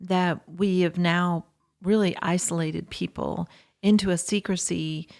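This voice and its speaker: A woman's voice: on the low side, fairly even intonation, unhurried, gravelly, darkish tone. A woman co-hosting a podcast, reflecting in casual talk and quoting what people tend to say. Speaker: podcast co-host.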